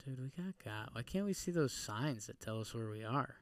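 A man co-hosting a podcast, chatting casually and joking excitedly while playing a guessing game. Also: medium pitch, fairly quick. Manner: joking, excitable, jumps in loudly. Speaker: podcast co-host.

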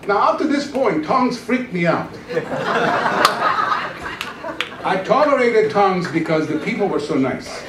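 A man in his thirties preaches his testimony with a lively, swooping delivery, sinking to a near-whisper for the dramatic beats. His voice sits a bit high for a man. It is picked up from a distance in an echoey church hall, with faint room sound behind. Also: moderate pace, very noisy. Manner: storytelling, acts out his own past voice with dramatic drops to a hush. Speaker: pastor. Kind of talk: testimony sermon. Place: church sanctuary.

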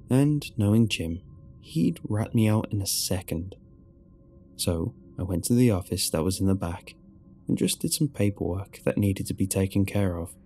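A man narrating a first-person horror story in a low, measured storytelling delivery. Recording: soft music underneath.

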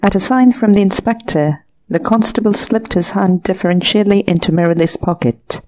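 A woman narrating an audiobook of a classic short story in a steady, measured way. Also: medium pitch. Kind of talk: scripted narration.

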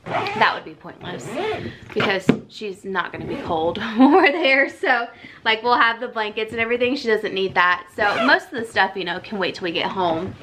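A woman's voice: medium pitch, expressive, moderate pace, noisy background. A young adult woman vlogging in a casual, chatty way, out of breath, laughing often and filling her talk with "like" and "um". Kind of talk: casual vlog chat.

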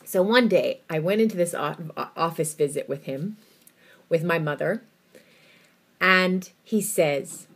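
Husky-voiced woman telling a personal story. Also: lowish voice, a little slow. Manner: expressive storytelling with vivid emphasis.

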